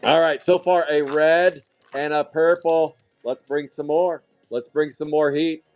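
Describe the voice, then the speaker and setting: A man hosting a live card break, calling out hits in a hyped, rapid, joking way while out of breath. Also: a little high, steady tone, a little mellow, faint music behind.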